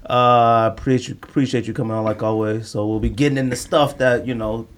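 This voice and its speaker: A man hosting a podcast in casual chat, telling stories in an animated way and laughing often. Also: mid-range voice. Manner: animated storytelling, quick to laugh. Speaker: podcast host.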